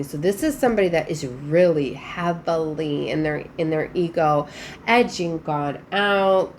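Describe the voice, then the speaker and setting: A woman's voice: lowish voice, a little hiss or hum. A woman giving a casual spiritual tarot reading, chatty and emphatic, with frequent fillers. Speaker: tarot reader.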